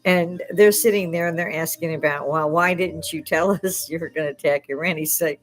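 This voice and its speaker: A woman's voice: low voice, fairly even intonation, a little fast. An older woman hosting a casual livestream from her bar, swearing freely and breaking into laughs often. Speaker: livestream host.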